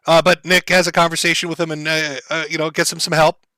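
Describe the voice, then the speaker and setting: Man, stream host, calm measured commentary, filler words, bright tone, dry close sound. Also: fairly high pitch, no room sound.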